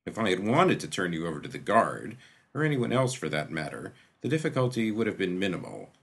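A man's voice: low voice, very animated, brisk, creaky, slightly rough, heavily acted. A man voicing a dry, pompous physician who speaks in a precise, wordy, drawling way. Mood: dry, unruffled. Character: dry, pompous middle-aged male physician.

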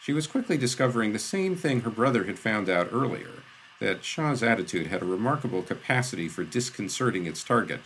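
Deep gravelly male narrator. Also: brisk, slight background noise. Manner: steady, descriptive storytelling. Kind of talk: audiobook narration.

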